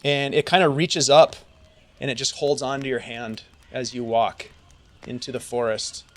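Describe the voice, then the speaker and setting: A man running a tabletop fantasy game as game master, narrating scenes in a slow, descriptive storytelling manner. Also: medium pitch, fairly even intonation, fairly bright tone.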